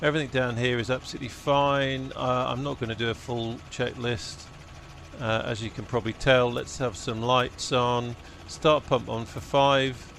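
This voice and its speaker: A man's voice: mid-range voice, level tone, moderate pace. A man streaming a flight sim, talking himself through cockpit checks and joking at his own mistakes while chatting with viewers. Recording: loud helicopter engine noise behind voice.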